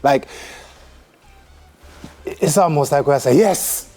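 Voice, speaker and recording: Jamaican guy co-hosting daytime tv, mellow dark voice, easygoing. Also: on the high side, slow pace, soft background music. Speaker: talk-show co-host. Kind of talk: casual daytime TV chat.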